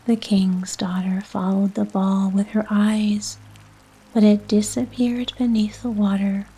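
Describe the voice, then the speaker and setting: Whispered role-play: a woman bedtime storyteller, breathy hush, very slow, faint music under. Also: medium pitch, flat delivery, poor audio. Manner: soft unvoiced whisper. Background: soft music.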